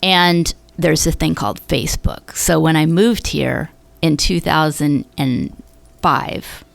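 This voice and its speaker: A middle-aged woman from Northern California tells rambling stories in a casual interview. Her voice is low and gravelly, and she jumps up high when she acts out what other people said. The sound is close and dry, with no room around it. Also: slow, no echo. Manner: chatty storyteller who acts out quoted voices with big pitch jumps. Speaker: podcast guest, yoga business founder.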